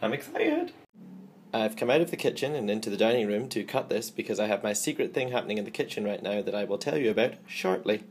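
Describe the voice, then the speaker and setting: A man's voice: fairly low pitch, quick pace, hardly any pauses, a little mellow, slight background noise. A man chatting through a home-baking vlog, upbeat and self-mocking as he works in his kitchen. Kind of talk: casual baking vlog chat.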